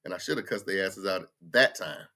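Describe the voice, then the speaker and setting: A man's voice: deep voice, a little fast, pushed and bright. A man, hosting a casual livestream chat, ranting bluntly with profanity. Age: 50s. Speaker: livestream host. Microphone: computer mic for a livestream.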